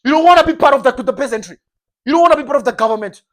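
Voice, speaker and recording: High-pitched voice, preacher, informal sermon, emphatic, repetitive. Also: lively intonation, very fast. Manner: emphatic, repetitive, uses comic role-play.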